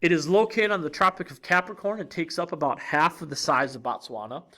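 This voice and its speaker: A man teaching a recorded geography lesson in a clear, lively teacher's voice, with fillers like uh and um. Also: fairly high pitch, brisk.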